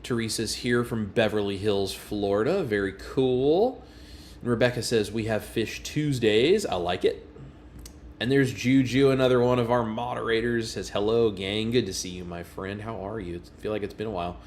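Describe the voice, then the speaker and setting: Man, livestream host, lowish voice, friendly chat, faint background hiss. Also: normal speed, a little mellow. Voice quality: friendly, greets viewers by name.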